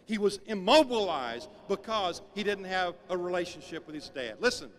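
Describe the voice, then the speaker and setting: A man giving a sermon-style talk, telling stories with emphatic, animated delivery. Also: sits high, moderate pace. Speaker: speaker.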